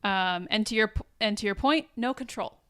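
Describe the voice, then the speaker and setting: A woman's voice: mid-range voice, moderate pace, a bit bright, smooth. A woman co-hosting a casual podcast, recapping a TV episode scene by scene and quoting the characters. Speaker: podcast co-host.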